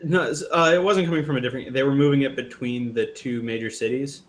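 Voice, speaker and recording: Man narrating a tabletop game as game master, unhurried and hesitant, average pitch. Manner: hesitant, many fillers.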